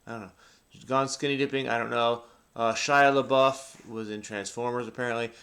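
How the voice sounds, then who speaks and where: A man's voice: mid-range voice, fairly even intonation, normal speed, fairly bright tone. A middle-aged man hosting a crossword video, thinking aloud as he solves and rambling in a frenetic, self-mocking way.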